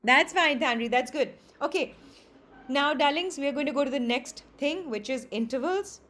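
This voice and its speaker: A woman with a high, bright-sitting voice leads a group singing class over a video call. She talks students through technique and demonstrates each exercise by singing it herself, sprinkling her corrections with affectionate nicknames. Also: normal speed. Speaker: voice teacher. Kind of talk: online group singing lesson.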